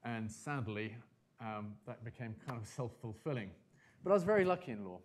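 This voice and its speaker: A man's voice: medium pitch, lively intonation, normal speed. A middle-aged man from Britain and France giving a conference talk to a live audience. He talks in a chatty way, puts questions to the room and slips in dry humor. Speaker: conference speaker. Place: conference hall.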